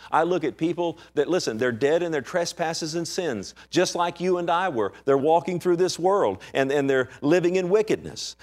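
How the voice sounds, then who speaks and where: A man's voice: a little high, a little mellow. A man, a pastor, preaching an emphatic sermon and asking the congregation for amens.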